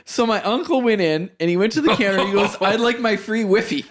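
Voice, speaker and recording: A man's voice: high-pitched, quick pace, very noisy. A man on a podcast who laughs through the funny family story he tells. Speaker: podcast co-host. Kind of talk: casual chat.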